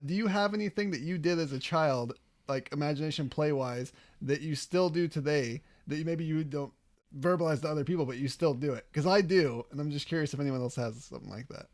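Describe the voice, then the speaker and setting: A man, co-hosting a podcast in casual chat, playful and quick to laugh. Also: on the high side, a little mellow. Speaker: podcast co-host.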